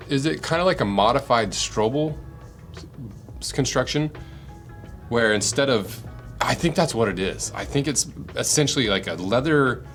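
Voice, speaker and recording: A man's voice: on the low side, fairly bright tone. An American man reviewing boots in a casual unboxing, thinking aloud and asking himself questions as he goes. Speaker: boot reviewer.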